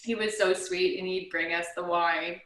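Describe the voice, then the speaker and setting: A woman's voice: lowish voice, fairly even intonation, moderate pace, fairly bright tone, echoey room, far from the mic, rough recording. A chatty woman hosting a casual video chat who laughs often. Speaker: host and wine importer.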